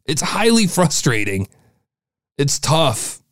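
A man's voice: on the high side, sing-song, slow, a bit bright, dry recording, studio quality. A man hosting a podcast, giving a blunt, exasperated critique of a listener's show. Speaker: podcast host reviewing listener shows.

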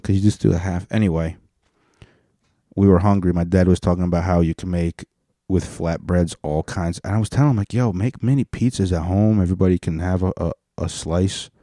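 A man's voice: low-pitched, a little fast, dark tone, dry recording, studio quality. A man hosting a podcast, rambling profanely through a comedic rant and slipping into joke accents. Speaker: podcast host.

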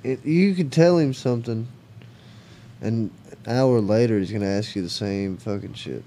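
Casual podcast co-host, man, relaxed dark tone, rambling storyteller with light background hiss. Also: lowish voice, normal speed. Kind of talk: casual chat.

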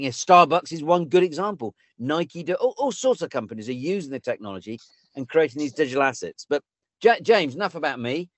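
A man's voice: fairly high pitch, no room sound. A man hosting a casual interview who speaks loosely and leans heavily on filler words. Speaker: host.

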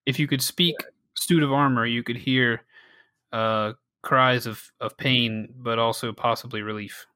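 A man's voice: mid-range voice, steady tone, unhurried, bright, forceful tone, no echo, studio quality. A man narrating as game master in a casual tabletop session.

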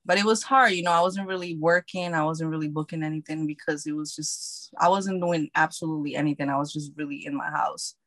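A woman's voice: deep voice, fairly even intonation, fairly quick, few pauses, fairly bright tone, no room sound. A woman who works as an actor chatting casually, loose and repetitive with many fillers. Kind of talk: casual chat.

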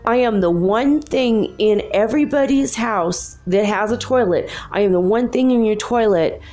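Whiny put-upon toilet, voiced by a woman, pleading for thanks, mid-range pitch, faint music behind. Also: a little mellow, close to an everyday voice. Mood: aggrieved. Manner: complaining, slow and pleading. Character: aggrieved, self-pitying household toilet.

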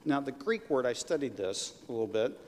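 A pastor preaching a sermon in a conversational way, rising to emphatic peaks, in a church sanctuary. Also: male voice, mid-range voice, animated, a little fast, a little mellow. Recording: long reverb of a large hall.

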